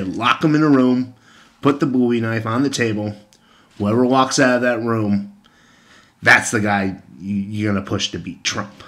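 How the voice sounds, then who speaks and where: A man's voice: mid-range voice, a bit bright. A young man giving a casual vlog rant on the news, blunt and sarcastic, swearing freely. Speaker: political commentator.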